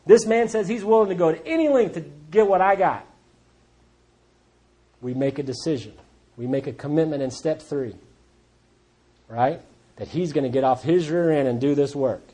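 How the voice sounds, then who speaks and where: A man's voice: a little high, mellow, slightly rough. A man speaking at a recovery group meeting, telling his story in a blunt, plainspoken way with wry humor. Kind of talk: personal testimony talk.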